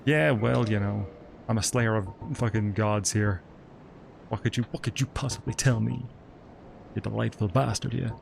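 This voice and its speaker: A man's voice: lowish voice, fairly even intonation, moderate pace, creaky, slight background noise. A man giving live gameplay commentary in a sardonic, profane, chatty way. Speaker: streamer. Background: game music.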